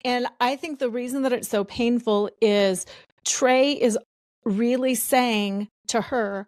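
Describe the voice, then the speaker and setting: A woman's voice: on the high side, fairly even intonation, slow, darkish tone, no room sound. Thoughtful woman guest, dry close sound. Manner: thoughtful, explanatory, builds points through repetition. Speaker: podcast guest, betrayal recovery expert. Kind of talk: reflective interview answers.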